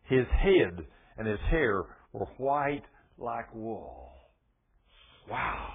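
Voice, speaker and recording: A man preaching a folksy, animated sermon on the radio, swinging from soft, low passages to excited outbursts. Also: very slow, long pauses, slightly rough. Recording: tinny phone-like radio sound.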